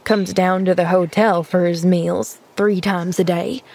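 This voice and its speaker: A woman's voice: lowish voice, fairly even intonation, a little slow, creaky, a little mellow. A woman reading an audiobook, voicing a plain-spoken, gossipy country housemaid who exclaims readily.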